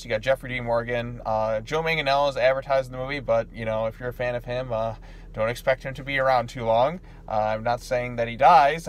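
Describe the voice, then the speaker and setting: A man's voice: mid-range voice, fairly bright tone. A young man giving a casual, rambling movie review from a theater parking lot, full of fillers and restarts.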